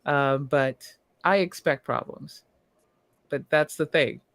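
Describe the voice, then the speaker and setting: A woman's voice: deep voice, slow pace, creaky, fairly bright tone, no room sound. A woman co-hosting a casual news discussion podcast, explaining points at length and laughing between them. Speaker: podcast co-host.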